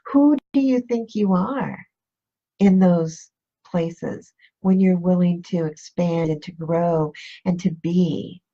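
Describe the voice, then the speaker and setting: A woman coach talks to her live-stream viewers in an unhurried, reflective way, circling back to the same questions. Her voice is husky and a little breathy. The audio is dull and lo-fi. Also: medium pitch, mellow. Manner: slow, reflective, repeats questions. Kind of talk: motivational live-stream talk.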